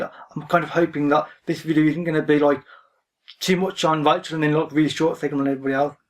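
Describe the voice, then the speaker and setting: A man vlogging about books in a casual, rambling way, reserved in manner. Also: a little high. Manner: reserved, rambling, often says "frankly". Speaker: book vlogger. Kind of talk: casual talk to camera. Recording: voice a bit distant from the mic.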